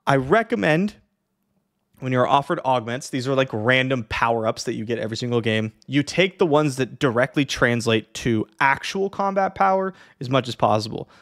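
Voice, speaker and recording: A man casually explaining a strategy game to beginners in a chatty, lively way, with many fillers and the odd yawn. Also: medium pitch, normal speed. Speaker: streamer teaching a strategy game. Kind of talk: casual tutorial talk.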